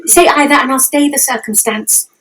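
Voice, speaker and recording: A woman's voice: sits high, normal speed, fairly bright tone, poor audio. A woman voicing an eager young girl in love, pleading urgently for news in a radio play.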